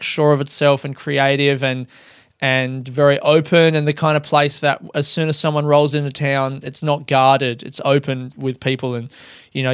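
A man's voice: on the high side, clear, resonant tone, no room sound, clean studio sound. A young man chatting candidly on his own, swearing freely and mocking himself. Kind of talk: casual solo chat.

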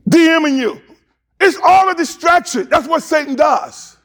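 A male pastor preaching a sermon, emphatic and repetitive, building to shouted climaxes. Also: very high-pitched, unhurried.

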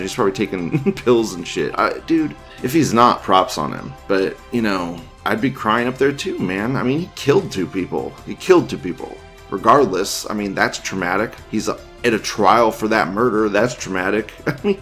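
A man's voice: lowish voice, expressive, moderate pace, fairly bright tone, faint music behind. A man hosting a casual stream, reading forum posts aloud, profane and offhand, laughing often. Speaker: livestream news host.

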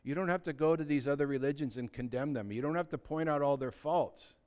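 A man preaching a sermon as pastor, talking conversationally and building to loud, emphatic peaks, often acting out what people say. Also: fairly high pitch, fairly quick. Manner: acts out quoted voices of believers.

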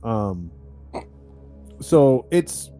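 A man's voice: medium pitch, big pitch swings, extremely slow, warm tone, faint music behind. A man, a podcast host, telling a true-crime story in a casual, chatty way, with lots of fillers and restarts. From United States.

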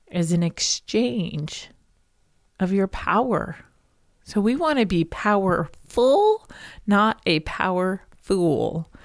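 Brief: woman podcast host, heartfelt storyteller, gravelly lower voice, dry close sound. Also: darkish tone, no echo. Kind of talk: spiritual podcast monologue.

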